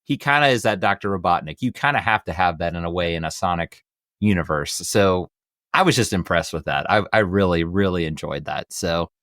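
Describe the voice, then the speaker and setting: Low voiced guy hosting a chatty podcast, kinda rambly, dry close sound. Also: brisk, a bit bright, no room sound. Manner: rambling, repeats himself, hands off questions. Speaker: podcast host. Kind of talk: casual chat.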